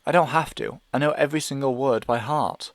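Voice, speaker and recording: Male audiobook reader, mid-pitched, anxious narration, dry booth sound. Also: brisk, no echo. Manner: anxious, hesitant inner monologue. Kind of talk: first-person novel narration.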